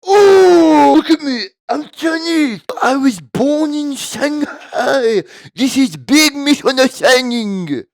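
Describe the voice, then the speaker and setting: A man's voice: very high-pitched, expressive, takes it slowly, gravelly, no room sound, pitched above the performer's own voice, full character voice, poor audio. A man voicing an exaggerated male spy caricature in a squealing, mocking put-on voice. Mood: shrill mockery. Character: shrill, over-the-top male spy caricature.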